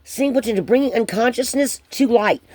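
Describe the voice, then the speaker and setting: Mellow warm-voiced woman doing a card reading for viewers, lots of ums, dry close mic. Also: on the high side, a little fast, no room sound. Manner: hesitant, rambling, many ums and restarts. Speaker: spiritual card reader.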